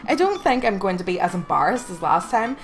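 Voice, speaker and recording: A woman's voice: medium pitch, very animated, brisk, faint music behind. A young woman streaming a game live, reading the dialogue aloud and commenting in a sardonic, swearing way.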